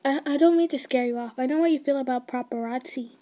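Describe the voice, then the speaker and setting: A woman's voice: high voice, fast talker, dark tone, natural voice. A woman voicing a flustered young male demon prince in human form, with eager, nervous pleading in an ASMR story.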